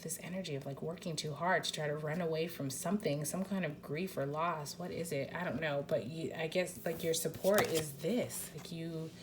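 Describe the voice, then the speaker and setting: A woman's voice: deep voice, steady tone, moderate pace, hardly any pauses, a crowd in the background. A woman giving a casual pick-a-card tarot reading, chatty and rambling, with lots of fillers, restarts and casual swearing.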